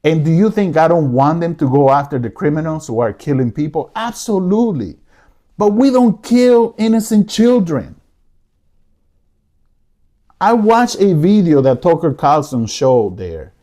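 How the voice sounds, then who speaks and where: Speaking from his living room, an American talk show host delivers emotional solo commentary, pleading and repeating himself. His mellow voice sits on the high side, swings widely in pitch, and moves at a moderate pace.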